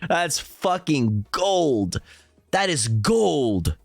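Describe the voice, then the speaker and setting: High-voiced, slow-talking young man streamer. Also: big pitch swings, gravelly, no echo, soft background music. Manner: laughing, incredulous, swearing, reading out headlines and comments. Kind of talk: live stream commentary.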